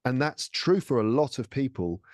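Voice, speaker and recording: A man from England on a casual podcast, an animated storyteller who acts out quoted speech. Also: mid-range voice, normal speed, no echo, clean studio sound. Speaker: podcast guest, English teacher and comedian. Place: lives in France.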